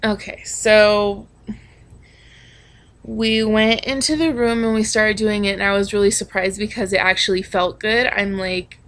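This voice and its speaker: A woman's voice: medium pitch, steady tone, a little slow, fairly bright tone. A young woman telling a personal story in a candid vlog, frank and confessional, with lots of swearing and filler words. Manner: frank and confessional, swears freely, many ums and likes. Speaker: vlogger.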